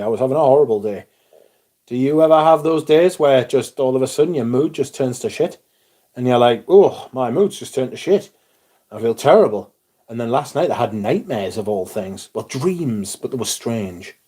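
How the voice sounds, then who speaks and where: A man hosting a casual livestream, his voice mellow and warm rather than bright. He talks informally to his viewers, rattles off their names in greeting, and drops the odd swear word. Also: mid-range voice. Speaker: livestream host.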